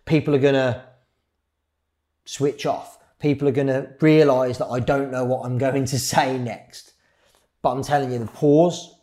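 A middle-aged man teaches a live workshop on public speaking. His voice is warm and dark, and he keeps changing his pace and loudness, from quick bursts to slow, quiet phrases. He uses pauses for effect. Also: mid-range voice.

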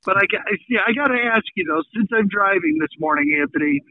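High-voiced man on a phone line. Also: very animated, fast, no echo. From Minnesota. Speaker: radio host. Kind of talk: casual radio chat.

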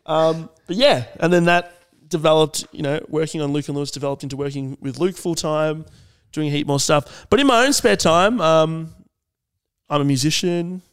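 A man's voice: on the high side, moderate pace, clean tone. An Australian man co-hosting a podcast in casual chat, laughing often and swearing freely as he riffs. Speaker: podcast co-host.

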